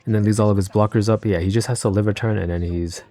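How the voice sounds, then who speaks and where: Male card game creator, casual live reaction commentary; warm, slightly low voice, chatty and self-correcting. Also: fairly even intonation, quick pace, soft background music. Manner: rambling, thinking aloud, self-correcting, chatty asides.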